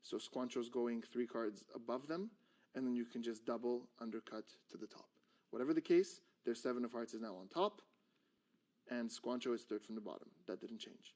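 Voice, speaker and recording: A man's voice: mid-range voice, normal speed. A man teaching a card trick in casual talk, explaining each move and acting out his exasperated patter. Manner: animated, acts out exasperated patter with a drawn stick figure.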